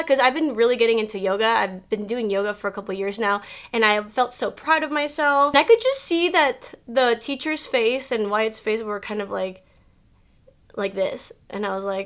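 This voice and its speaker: A woman's voice: on the high side, normal speed, fairly bright tone. Chatty woman in her 30s from Mexico. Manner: chatty and candid, many "like" fillers; emotional, fighting back tears. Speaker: beauty vlogger. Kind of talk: casual personal vlog.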